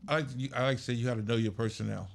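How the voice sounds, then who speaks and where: A man's voice: mid-range voice, fairly even intonation, rapid-fire, vocal fry. A man, a music manager and podcast guest, telling blunt stories in casual chat. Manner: blunt, storytelling with laughs.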